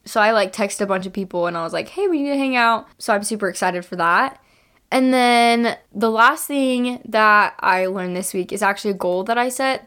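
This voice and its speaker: A woman's voice: mid-range voice, a bit bright. A young woman co-hosting a casual podcast, chatty and bubbly, laughing often. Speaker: podcast co-host.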